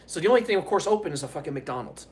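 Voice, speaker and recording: A man's voice: fairly high pitch, lively intonation, very fast. A man hosting a live stream, chatting casually and telling stories in a rambling, profane way, laughing often. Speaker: live streamer answering chat.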